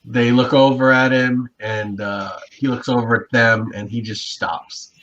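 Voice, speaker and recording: A man's voice: medium pitch, fairly even intonation, measured pace, a bit bright. Man narrating a tabletop game, muffled. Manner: hesitant, full of fillers. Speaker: game master. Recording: muffled, faint hiss.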